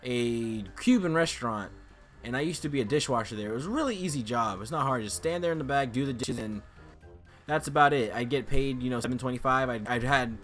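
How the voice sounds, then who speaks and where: A man's voice: medium pitch, a little fast, fairly bright tone, soft background music. A young man vlogging casually, telling a rambling story and acting out the voices of people he quotes.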